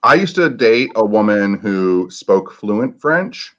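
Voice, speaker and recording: A man's voice: lowish voice, big pitch swings, slow pace, a bit bright. Jokey Michigan man co-hosting a live podcast, casual storyteller, muffled recording. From Michigan, USA. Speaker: podcast co-host. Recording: dull lo-fi sound.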